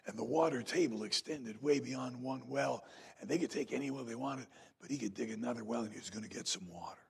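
A man preaching a revival sermon in a church, telling folksy stories and rising to loud emphatic peaks. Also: mid-range voice, brisk, gravelly, slightly rough. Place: church sanctuary.

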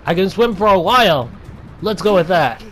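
A young man giving playful gameplay commentary, taunting enemies and breaking into drawn-out mock-dramatic shouts. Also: high voice, lively intonation, faint music behind.

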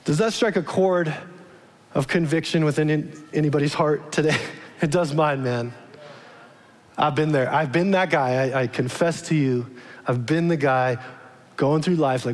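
A man's voice: on the high side, unhurried. A male pastor giving a casual, conversational sermon, often asking his congregation questions. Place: large church. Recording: long church-hall reverb.

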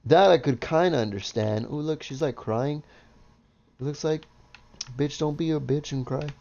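A man playing a video game and commenting casually, excitable and swearing a lot as he talks to his viewers. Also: fairly high pitch, moderate pace, gravelly, dull audio. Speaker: gaming video host. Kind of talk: casual let's-play commentary.

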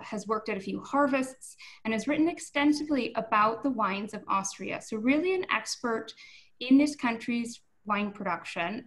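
A woman hosting an online wine tasting, her voice a little higher than most. She introduces her guest warmly and hands the session over smoothly, speaking over a video call. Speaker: host.

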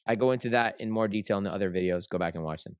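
A man's voice: lowish voice, rapid-fire, clean tone, no echo, clean studio sound. A man hosting a trading livestream, teaching in a casual, rambling way with lots of fillers and tag questions.

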